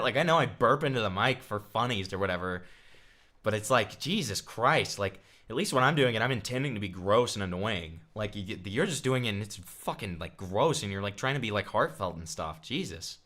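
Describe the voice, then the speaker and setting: A man's voice: fairly low pitch, animated, fairly quick, bright, forceful tone. A man streaming, giving crude, sarcastic commentary in casual livestream chat. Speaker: streamer reacting to a clip.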